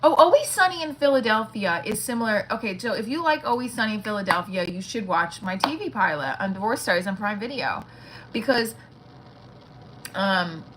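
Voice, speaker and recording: Woman comedian, loose livestream banter from home, frank and profane, middle-pitched voice over faint background noise. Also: expressive, fairly quick. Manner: rambling, frank, swears casually. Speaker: stand-up comedian. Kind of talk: casual livestream chat.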